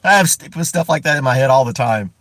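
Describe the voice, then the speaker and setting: A man's voice: mid-range voice, animated, fast talker, a bit bright. A man from the United States hosting a casual live stream from inside a parked car. He rambles, chuckles often and greets viewers by name.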